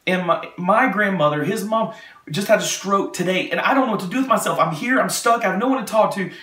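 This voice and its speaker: A woman's voice: mid-range voice, fast talker, fairly bright tone, reverberant, far from the mic, voice pushed up, natural voice. A man voicing a worn-out female airport security guard, talking breathlessly and pleading. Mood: overwhelmed.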